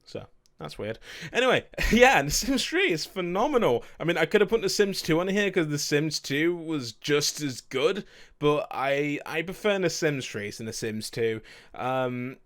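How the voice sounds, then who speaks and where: A man's voice: on the high side, fairly bright tone. A young man chatting casually about his favourite video games, rambling, correcting himself and swearing now and then. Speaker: video game streamer.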